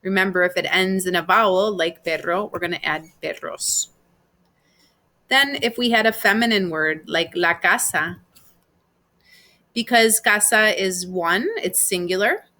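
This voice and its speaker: A woman's voice: on the low side, unhurried, sharp tone. A woman teaching Spanish grammar in a recorded class, explaining patiently step by step with examples.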